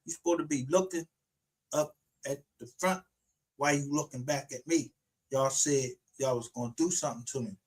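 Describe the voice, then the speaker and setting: A man's voice: mid-range voice, moderate pace, husky. A man ranting aggressively on a livestream, confrontational and full of profanity. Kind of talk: angry livestream rant.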